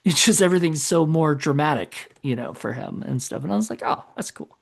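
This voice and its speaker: A man's voice: on the high side, animated, fairly quick, vocal fry. A man co-hosting a podcast in casual chat, rambling and correcting himself as he goes. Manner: rambling, self-correcting, trails off. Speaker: podcast co-host.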